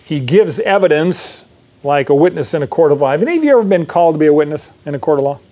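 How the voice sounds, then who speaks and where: A man's voice: a little high, expressive, fast, dark tone. A man preaching a verse-by-verse sermon, teaching conversationally with frequent questions to the congregation and "right?" checks. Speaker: pastor.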